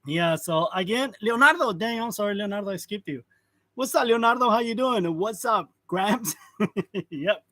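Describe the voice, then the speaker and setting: A man's voice: high-pitched, lively intonation, moderate pace, bright, forceful tone, no echo. Chuckling man in his forties, dry close sound. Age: 40s. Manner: greets viewers by name, chuckles often. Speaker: host of a live stream. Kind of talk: casual live-stream chat. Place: print shop. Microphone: wireless lavalier.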